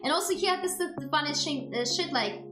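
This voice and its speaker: A woman's voice: sits high, expressive, a little fast. A woman streamer in casual chat, ranting and swearing in exasperation. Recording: roomy echo with background music. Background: background music.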